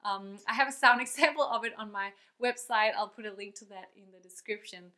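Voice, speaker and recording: Bright-voiced upbeat woman vocal coach. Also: mid-range voice, fairly quick. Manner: upbeat and chatty, breaks off to demonstrate sounds. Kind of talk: online singing lesson.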